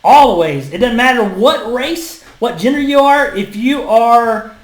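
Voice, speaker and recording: A vlogger, delivering an impassioned, emphatic opinion rant that swings between loud and hushed. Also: medium pitch, animated, a little slow. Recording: echoey room.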